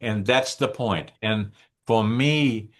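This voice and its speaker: Older Dutch-accented man, deliberate. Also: lowish voice. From northeastern Netherlands. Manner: deliberate, halting, with restarts and slowdowns. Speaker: guest. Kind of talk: interview conversation.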